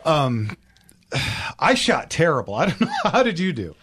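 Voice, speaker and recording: A man's voice: a little high, sing-song, a little slow, fairly bright tone, husky. A man co-hosting a casual talk radio show, brash and joking, also reading an ad in a studio.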